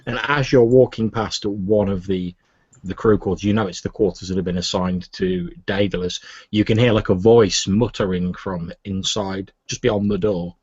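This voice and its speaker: A man narrating a tabletop game as game master, relaxed and a little hesitant. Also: deep voice, moderate pace, husky, dry recording, highs cut off.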